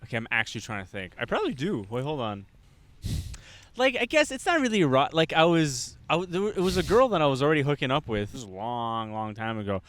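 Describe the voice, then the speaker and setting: A man's voice: medium pitch, quick pace. A young man co-hosting a podcast, telling a long rambling story in casual chat, swearing often and acting out the lines of the people in it. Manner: rambling, animated, swears a lot, acts out quotes. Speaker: podcast co-host. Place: Montreal.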